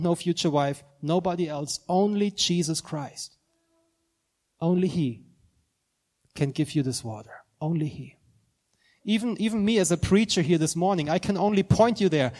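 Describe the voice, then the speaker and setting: Guy preaching in church, kinda high voice, earnest and gets fired up. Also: darkish tone. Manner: earnest, building to fervent proclaiming. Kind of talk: sermon.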